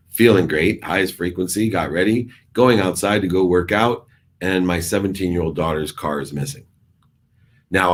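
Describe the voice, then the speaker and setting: A man's voice: extremely low pitch, a little hiss or hum. A middle-aged man giving an emphatic, preachy motivational talk, repeating his phrases for effect. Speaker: motivational speaker.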